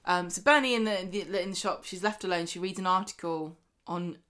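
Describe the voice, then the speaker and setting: A woman's voice: fairly low pitch, a little fast, fairly bright tone. A woman co-hosting a podcast, chatting casually about a soap opera and acting out characters' lines with bursts of emphasis. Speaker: podcast co-host. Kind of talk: casual chat reviewing a soap.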